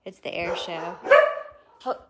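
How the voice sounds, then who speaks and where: A woman chatting casually on a live stream from her home, breaking off to coax her dogs in a high voice. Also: slow, very noisy. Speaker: home dog breeder.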